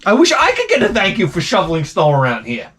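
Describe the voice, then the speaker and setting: A man delivers comedic advice as a sarcastic, profane rant. His voice sits a little higher than most men's. He sounds exasperated and keeps the jokes coming. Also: wildly swooping pitch, fast talker, a bit bright, breathy edge. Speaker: advice vlogger.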